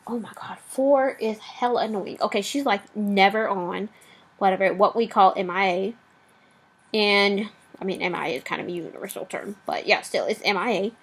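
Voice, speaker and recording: A woman's voice: medium pitch, moderate pace, breathy edge, rough recording. A woman vlogger delivering a blunt, profanity-laced rant, rambling with asides and fillers.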